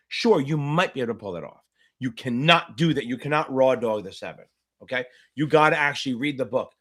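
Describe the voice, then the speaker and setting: A man's voice: medium pitch, animated, fairly bright tone. A middle-aged man tutoring for a finance exam on a live Q&A stream, talking bluntly with constant swearing. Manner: blunt, profane, rapid rants.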